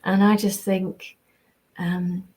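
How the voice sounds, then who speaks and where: Here the older voice actress, US-born and raised in England since age seven, speaks slowly in a level, mid-range, slightly mellow voice. Reading fan messages and signing prints on a livestream, she chats and rambles, often saying um and restarting her sentences.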